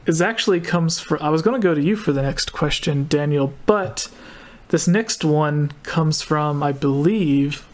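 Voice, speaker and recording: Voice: medium pitch, a little slow. Hesitant speaker hosting a panel chat. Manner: hesitant, with many fillers.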